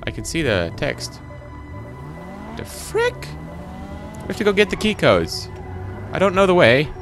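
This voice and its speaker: A teenage boy giving rambling, excitable commentary while playing a video game. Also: on the high side, a little fast, music in the background. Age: teens. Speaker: gaming channel host. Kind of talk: gameplay commentary.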